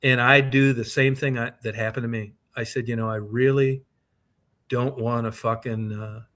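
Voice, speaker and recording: A man with a bright, sharp-edged voice tells a long personal story on a casual podcast. He swears at nearly every turn and rambles freely, circling back through the tale. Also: medium pitch, flat delivery, normal speed. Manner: profane, rambling anecdote-telling. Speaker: podcast co-host. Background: co-host's short reactions.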